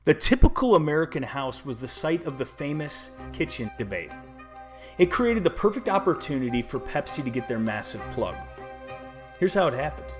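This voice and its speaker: Sarcastic male narrator, lively delivery. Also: mid-range voice. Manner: sarcastic, jokey asides. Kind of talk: scripted narration. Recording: voice-over with faint music.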